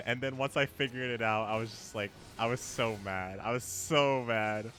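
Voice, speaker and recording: A man's voice: medium pitch, moderate pace, sharp tone, faint music behind. A man streaming a game, chatting casually with viewers and laughing often. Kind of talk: casual live-stream chat.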